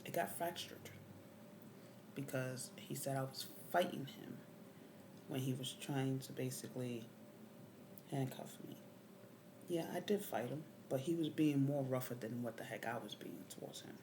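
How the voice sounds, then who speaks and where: A woman's voice: rumbling low, normal speed, pauses often, background noise. A woman vlogger casually recounting a story, indignant and swearing, her voice often rising sharply. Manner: indignant, swearing, rising to near-yelling at times.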